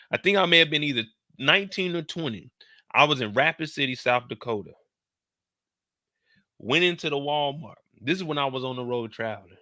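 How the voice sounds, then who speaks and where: A man's voice: mid-range voice, no echo, clean studio sound. A man in his thirties hosting a show, telling a story casually, with lots of swearing and acted-out dialogue. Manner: animated, profane, acts out quoted dialogue. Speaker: show host.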